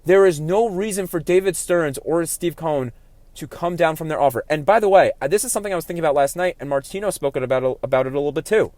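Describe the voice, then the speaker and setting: Heated, opinionated sports podcast host. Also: male voice, fairly high pitch, quick pace, no room sound. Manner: opinionated, gets heated and animated. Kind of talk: solo sports talk podcast.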